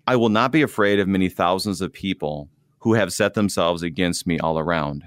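Male preacher co-host, low-ish voice, dry room, animated and wry. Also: fairly quick, no echo. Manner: animated, self-deprecating, quotes scripture. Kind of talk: conversational Bible discussion.

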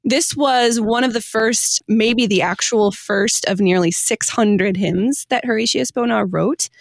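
A woman's voice: fairly high pitch, unhurried, creaky, dry recording, studio quality. A woman hosting a podcast, chatting casually, laughing often and reading hymn texts aloud with feeling. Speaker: podcast host.

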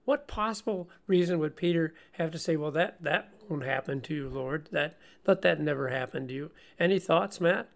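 A man co-hosting a Bible-study radio show, teaching in an animated way with frequent laughs and stumbling restarts. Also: fairly high pitch, moderate pace, vocal fry, hardly any pauses.

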